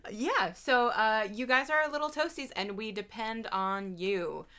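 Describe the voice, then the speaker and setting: A woman's voice: a little high, unhurried, pushed and bright, smooth. A young woman co-hosting a podcast, chatting casually with frequent fillers and laughs. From Baltimore area, USA. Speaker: podcast co-host. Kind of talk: casual chat.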